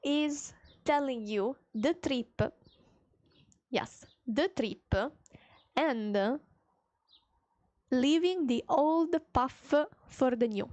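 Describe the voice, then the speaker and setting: A young woman with a high voice chats casually and playfully with viewers during a live stream. She's recorded close up on a dry mic at home, with no room sound around her. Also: animated, very slow, pauses often, darkish tone, dry recording. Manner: chatty, reads chat aloud, playful.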